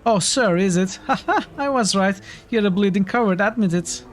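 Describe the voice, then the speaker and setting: Man doing a sneering brawler, coarse and mocking, pitched up high. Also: moderate pace, close to an everyday voice. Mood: jeering. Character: rude taunting male street thug, brawler.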